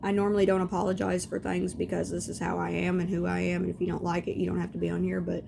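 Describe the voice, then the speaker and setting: A young woman with a deep Southern accent talks in a blunt, rambling vlog style, her voice gravelly with fry and pitched a little low. A steady hiss of noise sits under her home recording. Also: fast talker. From Southern United States. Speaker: beauty vlogger. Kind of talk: casual vlog chat.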